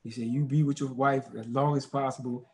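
A man, a former football player telling stories in a casual interview, rambling and animated with lots of fillers. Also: medium pitch, a little fast, slight background noise.

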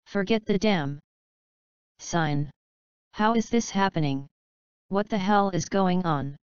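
A woman reading the part of an indignant, sarcastic man who has just died, speaking loudly and snippily. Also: lowish voice, lively intonation, slow pace, clean tone, dry recording, highs cut off. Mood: shaken. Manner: loud and snippy.

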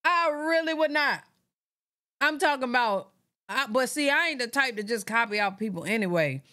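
A woman's voice: on the high side, expressive, normal speed, sharp tone. A woman hosting a reaction channel, giving blunt, profane commentary on clips in a casual way. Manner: blunt, profane, laughing asides.

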